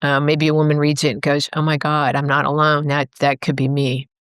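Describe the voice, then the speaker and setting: A woman's voice: low-pitched, completely flat delivery, a little fast, fairly bright tone, smooth, no echo, clean studio sound. A middle-aged woman, a guest author, talking earnestly and reflectively in an interview, rambling a little and correcting herself as she goes. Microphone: remote call microphone.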